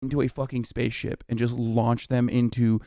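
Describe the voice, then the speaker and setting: A man's voice: mid-range voice, level tone, moderate pace, dark tone, no echo, clean studio sound. Profane ranting streamer man. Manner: profane, exasperated ranting with filler words. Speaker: streamer reacting to news clips. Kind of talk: live-stream reaction rant.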